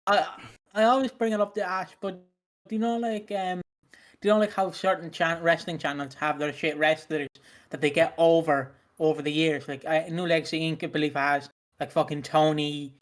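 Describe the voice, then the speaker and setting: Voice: mid-range voice, level tone, moderate pace. A podcast co-host chatting about wrestling, rambling and laughing, with many restarts. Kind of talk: casual wrestling review chat.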